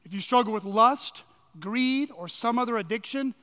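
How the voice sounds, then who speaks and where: A man's voice: very high voice, normal speed, pushed and bright. A male pastor delivering an earnest, emphatic sermon full of rhetorical questions, recorded in a church sanctuary. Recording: long reverb of a large hall.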